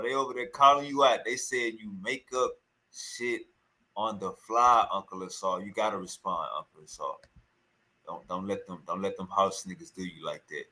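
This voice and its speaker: A male streamer giving loud, teasing reaction commentary, repeating his taunts again and again. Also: lowish voice, low-quality recording.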